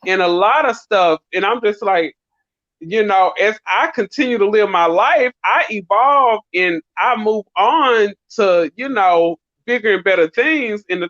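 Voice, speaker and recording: A woman's voice: medium pitch, fairly bright tone, dry recording. Earnest middle-aged woman, dull dry audio. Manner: reflective, earnest, long winding turns. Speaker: panel guest. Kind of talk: casual live-stream panel chat.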